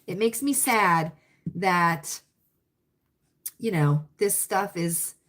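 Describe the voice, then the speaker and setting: A woman's voice: lowish voice, extremely slow, a bit bright. A woman hosting a casual livestream, chatting and answering viewer comments in an emphatic, repetitive, opinionated way. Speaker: livestream host.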